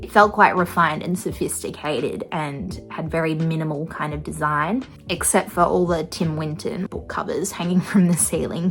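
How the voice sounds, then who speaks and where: A woman's voice: on the low side, poor audio. A young woman vlogging about bookshops in a chatty, musing way, laughing now and then. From Australia. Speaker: book vlogger. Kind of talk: casual vlog narration. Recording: faint music underneath.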